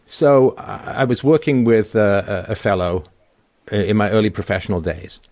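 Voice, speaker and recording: Low-voiced man telling rambling stories. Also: normal speed. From grew up in London. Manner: rambling anecdotal storyteller with lively asides. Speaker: podcast guest. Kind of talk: casual panel discussion.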